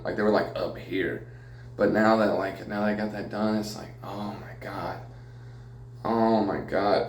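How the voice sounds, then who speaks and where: Low-voiced man rambling in a roomy space. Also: slight background noise. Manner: rambling, profane, jokey, laughs often. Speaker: podcast host. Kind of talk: casual solo podcast monologue. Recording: echoey room.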